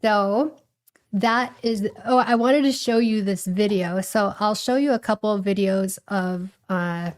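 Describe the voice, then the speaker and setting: A woman's voice: medium pitch, measured pace. Woman livestream host, rambling casual commentary, full of fillers and restarts. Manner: chatty, rambling, thinks aloud with fillers.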